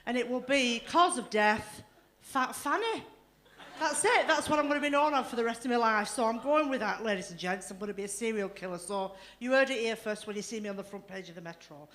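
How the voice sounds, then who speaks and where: A woman's voice: a little high, quick pace, few pauses, fairly bright tone, a little hiss or hum. Brash woman doing bawdy stand-up. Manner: bawdy, brash, swears freely, laughs through lines. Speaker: stand-up comedian. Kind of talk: stand-up comedy set. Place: comedy club stage.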